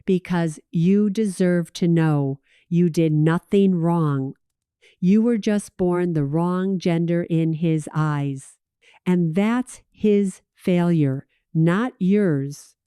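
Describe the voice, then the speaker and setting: A woman voicing a remorseful older aunt who speaks gently and apologetically. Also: fairly low pitch, takes it slowly, clean tone, no echo, studio quality. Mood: somber. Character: remorseful older aunt confiding family secrets.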